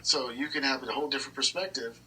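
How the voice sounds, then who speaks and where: A man's voice: medium pitch, steady tone, fast talker, a crowd in the background. A man hosting a podcast interview in a casual, reflective way. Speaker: podcast host. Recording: faint noise, mic at a distance.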